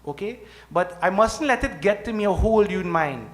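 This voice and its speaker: A man's voice: high-pitched, lively intonation, moderate pace. A middle-aged man preaching to devotees at a temple, speaking conversationally and often checking in with "okay?" and "right?". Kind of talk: sermon.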